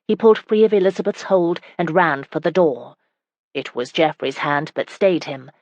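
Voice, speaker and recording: An audiobook narrator reading a historical romance in steady, even scripted narration. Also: mid-range voice, moderate pace, muffled recording.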